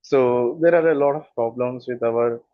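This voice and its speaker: A man's voice: medium pitch, normal speed, no room sound, lo-fi sound. Earnest man with an Indian accent. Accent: standard Indian English. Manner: earnest, emphatic, repeats phrases for stress. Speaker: communication skills coach. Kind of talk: explanatory talk.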